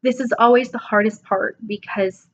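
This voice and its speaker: A woman's voice: on the high side, steady tone, normal speed. Woman in her 20s, casual vlog chat, drowsy and joking, muffled lo-fi sound. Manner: chatty, self-deprecating, laughs often. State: sleepy, yawning. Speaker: vlogger. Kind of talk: casual self-assessment vlog.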